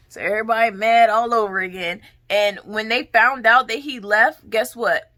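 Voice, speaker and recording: Woman, 30s, higher voice, lively vlog storyteller, a little breathless. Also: moderate pace. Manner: animated, acts out drill commands and groans. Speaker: vlogger.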